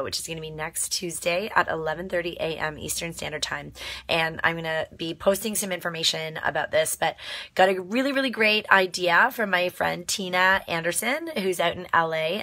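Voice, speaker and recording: A woman with a naturally raspy voice, made hoarse by a cold, chatting upbeat on a casual live video from a small cozy nook in a bedroom. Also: on the low side, pushed and bright. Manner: chatty and upbeat, with many fillers. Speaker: fitness coach and radio show host.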